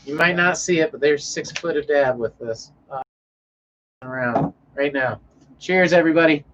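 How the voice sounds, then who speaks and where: A man's voice: fairly high pitch, normal speed, fairly bright tone, muffled recording, a little hiss or hum. A man from Denver hosting a casual livestream, rambling in a laid-back way and answering viewers in chat by name. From Denver, Colorado. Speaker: livestream host reading chat. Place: home, indoors.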